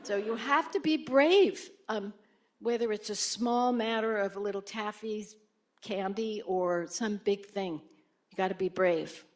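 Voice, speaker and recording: An older woman, a former senator, telling stories in a conversational way at a lecture and acting out the people she quotes. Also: a little slow. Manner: animated, acts out quoted voices with sharp jumps in pitch. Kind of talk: conversational storytelling on stage.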